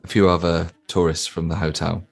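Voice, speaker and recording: A man co-hosting a comedy podcast, telling an improvised story in a deadpan way with stammering restarts. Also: low-pitched, brisk, gravelly.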